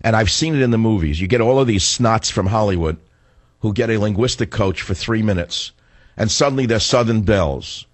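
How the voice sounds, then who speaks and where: A man's voice: on the low side, fairly quick, no echo. A male radio host who is getting over the flu and has a cough, delivering a combative, sarcastic talk radio monologue. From northern United States. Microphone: studio microphone.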